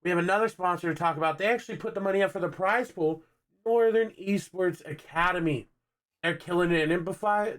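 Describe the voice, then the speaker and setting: A man's voice: high-pitched, brisk, fairly bright tone. A man casting a live esports tournament in a laid-back, joking way, with a Texan accent. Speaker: esports caster. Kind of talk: live game commentary.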